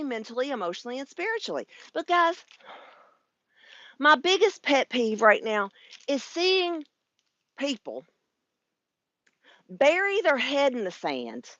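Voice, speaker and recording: Woman in her fifties, bright lively voice, frank and chatty, dry slightly dull recording. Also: high voice, no room sound. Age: 50s. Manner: chatty and frank, swears freely, laughs often. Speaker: spiritual life coach and YouTube live host. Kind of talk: casual livestream monologue.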